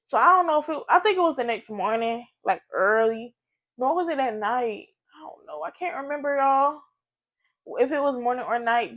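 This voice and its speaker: A young adult woman vlogger telling a story in a casual, animated way, full of profanity and chatty asides. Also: on the high side.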